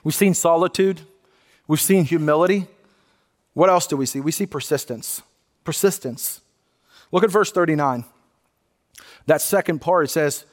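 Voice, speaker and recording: A man's voice: on the high side, moderate pace, pauses often, long reverb tail. A man who is a pastor, preaching a sermon in an earnest, conversational way and often restarting his sentences. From United States. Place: church sanctuary.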